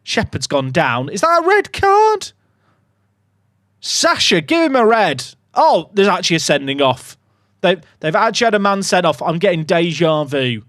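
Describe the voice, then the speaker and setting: A young man streaming a football management game, commentating casually with sarcastic, excitable swings. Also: sits high, moderate pace, no room sound, clean studio sound. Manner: animated, sarcastic, swings between excitement and mock despair. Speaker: gaming streamer.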